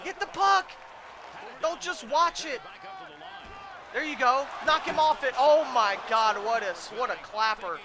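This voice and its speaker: A man commentating his own video game, pleading with and yelling at the players in a frantic way, his voice starting to go hoarse. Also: extremely high pitch, measured pace, a crowd in the background. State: voice going hoarse. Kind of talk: excited let's-play commentary.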